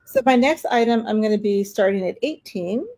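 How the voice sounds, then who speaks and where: Animated and mid-range, this woman's voice moves at normal speed while she runs an online auction live. She chats casually about the items and her bidders, rambling warmly and using lots of fillers.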